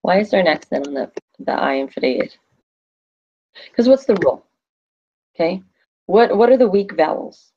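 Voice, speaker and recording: A woman's voice: lowish voice, expressive, normal speed, long pauses, dark tone, breathy edge, lo-fi sound. A woman teaching a Spanish class on a screen recording, asking questions and answering them herself in a chatty way.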